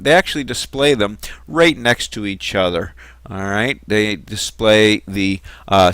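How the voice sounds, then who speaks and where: A man's voice: on the low side, fairly bright tone, clean tone, no room sound. A man giving a recorded lecture on Greek grammar, explaining patiently and methodically.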